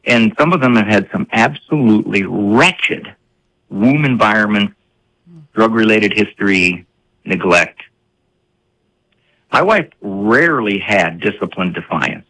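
A man in his sixties, a psychologist and author, talking as a guest on a radio interview and telling stories with lively voices for parents and kids. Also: lowish voice, measured pace, pauses often, rough recording. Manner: animated storyteller, acting out parents and kids.

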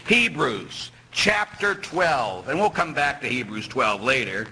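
A middle-aged male priest giving a lively sermon, teasing and quizzing his congregation. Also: mid-range voice, measured pace, breathy edge, poor audio. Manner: animated, teasing, asks the audience questions.

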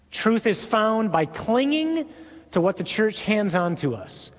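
A male priest delivers a sermon in an emphatic voice that drops to a hush at key moments. His voice sits a little high and sounds husky. A long echo from the hall trails after his words. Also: very animated, measured pace. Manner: emphatic, with hushed dramatic drops. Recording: echoey hall.

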